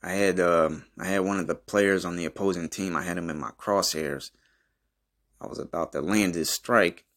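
A young man with a very low voice spins a ridiculous boastful story for his podcast. He talks in a loose, rambling deadpan, full of swearing and fillers. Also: moderate pace. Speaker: podcast host.

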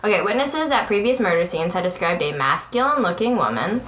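A woman's voice: mid-range voice, very animated, fairly quick, a bit bright. Young woman, chatty podcast co-host, giggles while reading a case, stumbles on words, echoey room, faint hiss. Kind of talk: casual true-crime chat, reading aloud.

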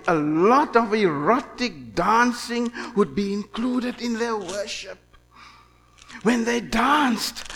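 A male preacher delivering a dramatic sermon, swinging from shouting to a hushed murmur. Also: sits high. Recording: echoey hall.

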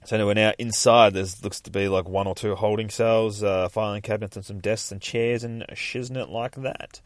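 A man's voice: fairly low pitch, fairly even intonation, normal speed, few pauses, no echo, studio quality. A man hosting a podcast, retelling a comic book in a rambling, profane, jokey way. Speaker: podcast host.

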